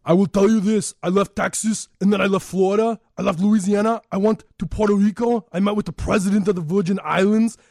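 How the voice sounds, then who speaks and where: This is a brash male action-star impression, which a man puts on, declaimed in loud, punchy lines. The voice sits higher than his everyday speech and pushes forward. The recording is dry and close. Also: fairly even intonation, a little fast, gravelly, few pauses, no echo. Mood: boastful.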